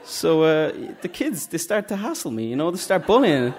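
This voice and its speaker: A man's voice: on the high side, very animated, moderate pace, a little mellow, slight background noise. Chatty Dublin man telling a story onstage. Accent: Dublin Irish. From Dublin, Ireland. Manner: chatty, self-mocking, acts out voices. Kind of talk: live comic storytelling. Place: stage at a live story night.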